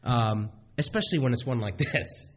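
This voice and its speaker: A man preaching a sermon in a halting way, with frequent restarts and fillers, on a dull lo-fi recording. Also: medium pitch. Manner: halting, many restarts, acts out quotes.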